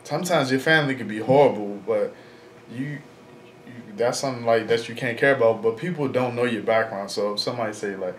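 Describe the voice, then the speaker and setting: A man in his twenties rambles casually in a vlog, blunt and frank, using lots of fillers and slang. His voice is mid-range and a little fast. The room is echoey, with faint background noise.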